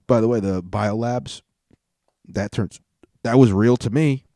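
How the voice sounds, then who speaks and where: A man's voice: on the low side, a little slow, dark tone, no room sound, studio quality. A man hosting a podcast, ranting in a rambling, profane and sarcastic way. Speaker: podcast host. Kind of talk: casual podcast rant.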